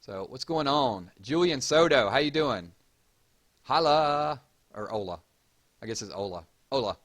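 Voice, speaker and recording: His mid-range voice is expressive and moderately paced, carrying a Southern US accent from Georgia. As host of a casual livestream, he chats, reads viewer messages aloud, and gives shout-outs.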